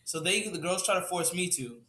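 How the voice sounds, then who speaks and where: A man's voice: high voice, animated, fairly quick, bright, forceful tone. A young man improvising a story, hesitant and full of fillers, laughing easily. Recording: roomy echo.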